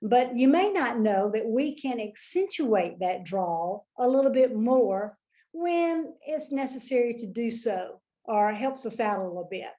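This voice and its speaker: A woman with a Southern accent spins a folksy anecdote with lively emphasis. Her voice sits a bit high for a woman. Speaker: motivational storyteller. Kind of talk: folksy storytelling monologue.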